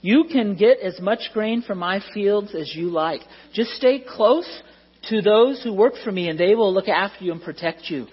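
A teacher reading a kind landowner man, gentle, welcoming, husky, lo-fi recording. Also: medium pitch, lively intonation, moderate pace, long reverb tail, pitched above the performer's own voice. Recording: dull lo-fi sound.

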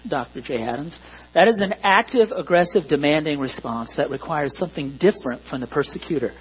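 A pastor delivering a sermon in an earnest way, rising to emphatic points and dropping to quiet asides. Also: male voice, on the high side, husky. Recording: dull lo-fi recording with mains hum.

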